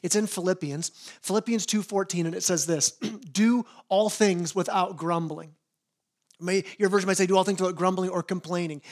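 A man's voice: high-pitched, fairly quick. A man preaching a sermon as pastor, earnest, often repeating words as he starts a phrase.

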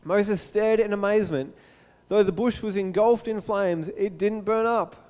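A man preaching a sermon as a pastor, telling the story in a lively way and acting out the scenes. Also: high voice, measured pace, in a large hall. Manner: animated storytelling, acts out the scene.

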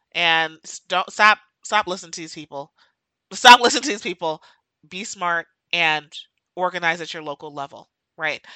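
Her voice is lowish, bright, forceful, and smooth, with no room sound, though the recording is rough. Hosting her own podcast, she delivers a passionate, emotional monologue, hammering points by repeating key phrases.

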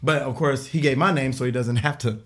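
A man's voice: mid-range voice, brisk. A man in his forties telling a long personal story in casual talk, acting out the voices of the people in it and laughing along the way. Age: 40s. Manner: animated, acts out quoted voices, laughs while telling. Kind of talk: casual storytelling on a podcast panel.

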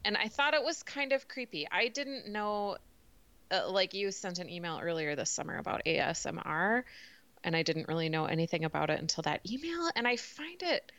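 A woman's voice: mid-range voice, animated, normal speed, fairly bright tone, no echo, lo-fi sound. A woman co-hosting a podcast in casual chat, frank and wry. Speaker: podcast co-host.

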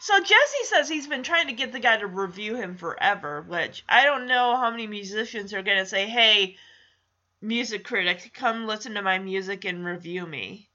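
Bright high-pitched lady casually recapping an episode, super animated, acting out lines. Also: moderate pace, muffled recording. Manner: chatty, acts out quotes, laughs often.

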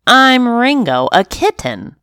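A woman's voice: very animated, takes it slowly, a bit bright, clean tone, no room sound, clean studio sound, exaggerated voice. Ringo, a fretful kitten voiced by a woman. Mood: cheeky. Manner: pleading, high-strung and theatrical. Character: anxious dramatic male kitten.

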